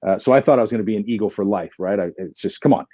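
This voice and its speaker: A man in his forties, a podcast guest, telling an animated story with plenty of energy and acting out the dialogue. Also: on the low side, rapid-fire, no echo, highs cut off.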